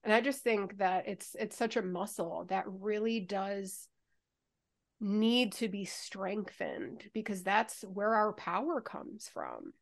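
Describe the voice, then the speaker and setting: A woman co-hosting a podcast, talking candidly in casual chat and telling stories with lively energy and some swearing. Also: mid-range voice, takes it slowly, vocal fry. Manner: candid, swears freely, animated storytelling. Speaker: podcast co-host.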